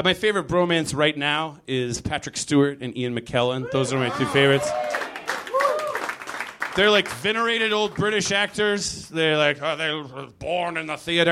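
A man works through a stand-up set in a rambling, self-deprecating way. His speaking voice sits fairly high. He is recorded live on a club stage, with audience laughter clearly heard. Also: pushed and bright, a little hiss or hum. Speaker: stand-up comedian.

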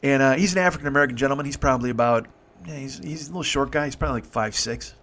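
Man in his fifties, podcast host, casual storytelling, profane, rambling, frequent restarts, mid pitch. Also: rapid-fire, a bit bright, slight background noise. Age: 50s.

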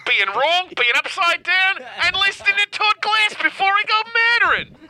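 A man doing a squeaky Australian fan. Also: sing-song, normal speed, pushed and bright, heavily acted. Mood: goofy. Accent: exaggerated Australian. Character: silly male Australian podcast fan, goofy and excitable.

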